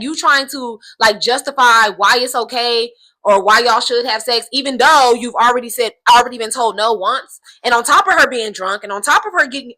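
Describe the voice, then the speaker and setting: A woman's voice: a little high, bright, forceful tone, poor audio. A young adult woman giving casual commentary, outspoken and emphatic, often checking in with "right?". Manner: emphatic, keeps asking "right?"; outspoken, swears freely. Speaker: commentary vlogger.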